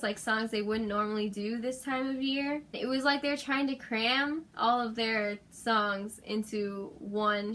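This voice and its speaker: A young woman, her voice hoarse from screaming, gushing and giggling as she recaps her day in a casual vlog. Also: medium pitch. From Los Angeles, USA. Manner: gushing, giggly, fan excitement. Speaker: vlogger.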